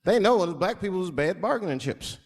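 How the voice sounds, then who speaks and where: A man's voice: high voice, expressive, a little fast, gravelly. A man doing a stand-up comedy set, telling stories in a loose, conversational way full of slang. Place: large performance hall. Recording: long hall reverb of a live venue.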